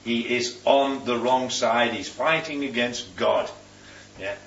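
A man's voice: medium pitch, slow pace, a bit bright. A man leading a Bible study, teaching and quizzing the group with questions. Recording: roomy, distant, dull sound.

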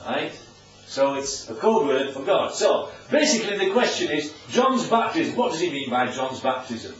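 A man's voice: a little high, big pitch swings, normal speed, slight background noise. A man teaching a Bible story to a group, chatty and often asking his listeners questions. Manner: chatty, asks the audience questions. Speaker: preacher. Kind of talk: informal Bible teaching with slides. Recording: distant, echoey, dull room recording.

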